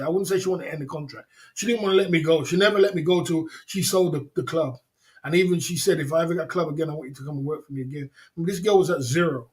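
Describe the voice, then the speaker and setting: A man hosting a livestream, telling rambling stories with many repeats and laughs. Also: a little high. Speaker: livestream host. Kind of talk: casual storytelling.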